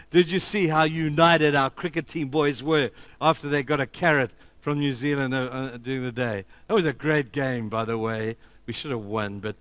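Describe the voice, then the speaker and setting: A man's voice: mid-range voice, dry recording. Emphatic middle-aged male pastor preaching. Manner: emphatic storytelling, swinging between loud and hushed. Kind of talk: sermon.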